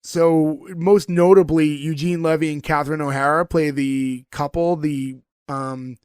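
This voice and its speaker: A man's voice: a little high, steady tone, unhurried, darkish tone, clean tone, no echo, studio quality. A man hosting a podcast, recapping a sitcom episode in a casual, rambling way with many fillers. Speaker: podcast host.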